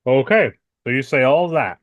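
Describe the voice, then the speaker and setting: A man's voice: medium pitch, animated, normal speed, no room sound, phone-quality sound. A man running a tabletop game as game master, narrating casually and hedging with "like" and "kind of".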